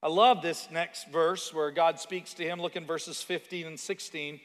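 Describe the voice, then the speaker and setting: A high-voiced man preaching in a conversational way, breaking off for asides and stories about his own life. His voice rings with the long reverb of a large hall. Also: fairly even intonation, moderate pace, fairly bright tone. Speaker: pastor. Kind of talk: sermon.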